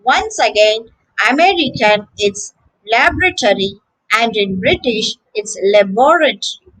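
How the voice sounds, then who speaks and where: A woman teaching English pronunciation, saying each word slowly and several times with clear syllable stress. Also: on the high side, expressive, a bit bright, poor audio. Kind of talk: slow, careful pronunciation lesson.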